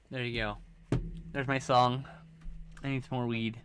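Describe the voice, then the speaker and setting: A man's voice: medium pitch, flat delivery, measured pace, pauses often, fairly bright tone, a little hiss or hum. A man chatting casually on a live stream, rambling and swearing a little while talking to his chat, sleepy and yawning.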